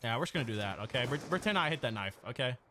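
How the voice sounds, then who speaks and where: A young man streaming a shooter game live, talking to his chat in excitable, profane trash talk. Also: mid-range voice, very fast, background noise. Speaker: gaming streamer. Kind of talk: live-stream gameplay commentary.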